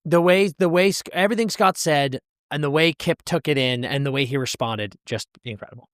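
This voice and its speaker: Emphatic, slightly high-voiced podcast host. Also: male voice, a little fast, a bit bright, smooth, no room sound, studio quality. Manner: emphatic, swearing, addresses listeners. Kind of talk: casual chat.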